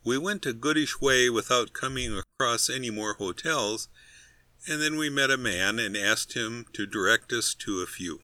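A man's voice: medium pitch, moderate pace, sharp tone, no room sound. A man reading a humorous story aloud in a dry, wry storytelling manner. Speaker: narrator. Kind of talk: scripted narration.

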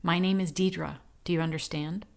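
A woman's voice: fairly low pitch, steady tone, normal speed, gravelly. A woman voicing a determined woman rescuer in an audiobook, speaking firmly and reassuringly. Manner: firm, reassuring.

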